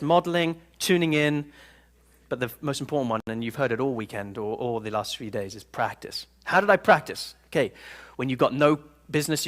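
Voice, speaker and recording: A man giving a live seminar talk to an audience in a room, telling stories in an animated, playful way. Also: fairly high pitch. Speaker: personal development speaker.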